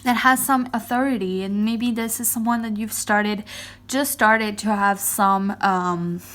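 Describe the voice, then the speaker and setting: A woman's voice: mid-range voice, fairly even intonation, a little slow, a bit bright. A woman giving a casual pick-a-card tarot reading, chatty and a little awkward on camera, who keeps repeating "I do think" with many fillers. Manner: first time on camera, a bit awkward.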